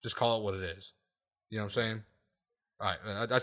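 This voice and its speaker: A man's voice: lowish voice, fairly even intonation, a little fast, over a noisy crowd. A man hosting a casual podcast, ranting emphatically with lots of swearing and repeated "okay?" checks. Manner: profane, laughs at his own points.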